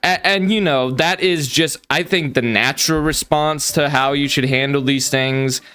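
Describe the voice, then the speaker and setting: Hesitant commentary host, male, smooth clear voice, stumbles and repeats himself. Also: fairly high pitch, normal speed, bright, forceful tone. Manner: hesitant, repeats words, frequent fillers. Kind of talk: commentary reaction.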